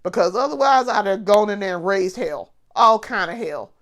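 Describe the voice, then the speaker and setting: A woman vlogger, sick with covid, congested, and coughing, rants bluntly in a casual vlog. Her voice is medium-pitched and expressive at normal speed, and she swears freely and restarts her sentences.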